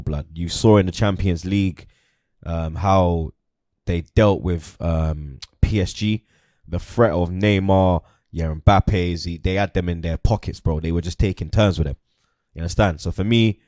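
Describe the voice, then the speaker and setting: A man's voice: sits low, dark tone, dry recording, clean studio sound. Slangy young man talking football. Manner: slangy, repeats "you get me" and "blood". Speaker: host. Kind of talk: casual football chat.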